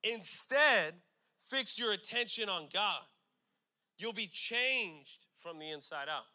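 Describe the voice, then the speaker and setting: A high-pitched man preaches with a very bright, ringing voice. He is from California and keeps it casual, dropping asides and repeating lines for emphasis. When he reads scripture he slows right down and stresses every phrase. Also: lively intonation. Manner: conversational asides like "you know what I'm saying". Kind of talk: sermon.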